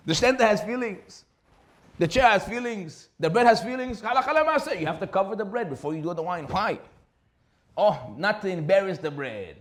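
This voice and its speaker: A man, a rabbi, giving a sermon with animated storytelling, rhetorical questions and frequent laughs. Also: high-pitched, fairly quick.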